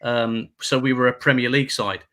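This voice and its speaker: Bright-voiced chatty English man. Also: medium pitch, fairly even intonation, fairly quick. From England. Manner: chatty anecdotes with jokes, puts on voices in quotes. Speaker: guest radio presenter. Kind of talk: casual chat, storytelling.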